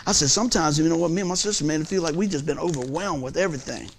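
Racing through his sermon story, this man in his fifties preaches with a strikingly high, creaky voice and a folksy, lively style, alternating hushed near-whispers with booming proclamations. There's slight background noise.

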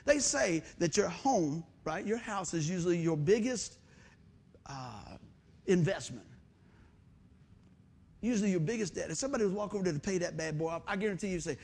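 A man preaching a sermon as pastor, energetic, with loud bursts and quiet asides. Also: extremely high pitch.

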